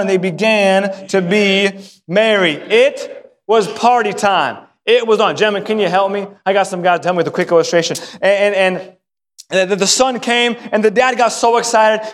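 A male pastor preaching a sermon, telling a story with lively acted voices and repeating words when excited. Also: high voice, a little fast. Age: adult, married. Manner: animated storytelling, acting out voices of the father and son. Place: church sanctuary. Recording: hall reverb.

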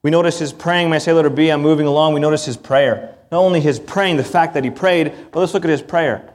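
A man's voice: a little high, quick pace. A man preaching a sermon in an earnest, emphatic way, with asides to his congregation. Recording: long hall reverb.

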